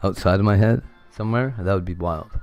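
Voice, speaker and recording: A man's voice: low voice, brisk, a little mellow, muffled recording, soft background music. A man chatting casually on a livestream, rambling and candid, swearing freely. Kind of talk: casual chat.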